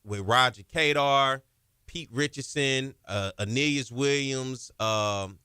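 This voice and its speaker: Brief: male sports podcast host, eager and talkative, tense bright tone, dry studio sound. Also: mid-range voice, clear, resonant tone, no echo. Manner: enthusiastic, quick to react and prompt. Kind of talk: casual interview chat.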